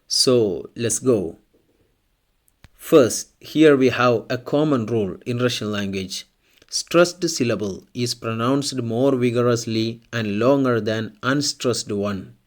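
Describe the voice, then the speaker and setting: A male teacher talks through a pronunciation lesson at an unhurried, measured pace. His pitch sits in an ordinary middle range, and he says each example word twice so it sinks in. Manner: slow, deliberate, repeats example words. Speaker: language teacher. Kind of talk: scripted language lesson.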